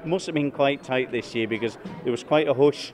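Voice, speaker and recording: A man's voice: medium pitch, a little fast, music in the background. A man reporting on a concert, chatting with performers after the show. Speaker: radio reporter. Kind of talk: on-the-spot interview.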